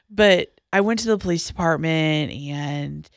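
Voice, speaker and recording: Low, gravelly young woman recounting her story. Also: no room sound, studio quality. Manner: halting, with frequent restarts and trailing-off lines, dropping quiet at hard moments. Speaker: guest sharing personal story. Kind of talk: personal testimony on a podcast.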